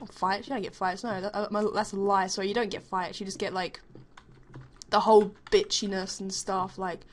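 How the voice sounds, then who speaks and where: A young woman telling a school story in a loose, rambling way, full of fillers and casual swearing, while she plays a game. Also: medium pitch. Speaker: gaming vlogger. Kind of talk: casual storytelling over gameplay.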